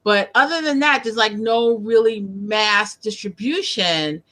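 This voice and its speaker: Bright-voiced New York woman, chatty. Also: medium pitch, a little slow. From United States, Northeast. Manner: chatty, animated, many fillers and restarts. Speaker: interviewer. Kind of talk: casual video interview chat. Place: home room with bookshelves.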